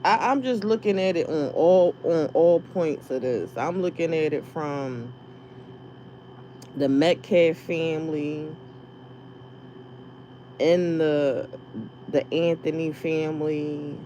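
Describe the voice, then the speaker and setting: A woman talks unhurriedly to her viewers in a mellow, relaxed voice. She rambles, swears freely and laughs between thoughts. A faint hum sits behind her. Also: low-pitched, takes it slowly, pauses often, lo-fi sound. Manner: profane, laughing, rambling storytelling. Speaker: live streamer. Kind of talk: casual venting chat.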